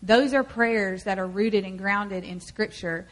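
A woman speaking in a church talk, chatty and relaxed, with plenty of "you know" and "um" as she teaches. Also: medium pitch, a little slow. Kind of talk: sermon.

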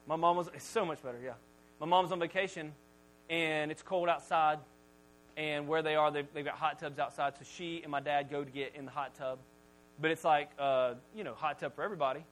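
Lively male pastor, high voice, storytelling sermon. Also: slight background noise, rough recording. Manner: animated storytelling, jokey.

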